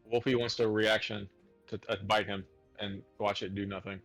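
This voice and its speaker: A man's voice: lowish voice, little pitch movement, moderate pace, fairly bright tone, soft background music. A man playing a tabletop game, speaking bluntly and matter-of-factly. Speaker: player. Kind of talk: casual game chat.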